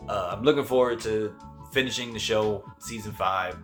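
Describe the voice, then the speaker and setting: Low-voiced male reviewer, casual and slangy, faint music underneath. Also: moderate pace, a bit bright. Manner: loose, conversational, with frequent fillers and slang. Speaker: TV show reviewer.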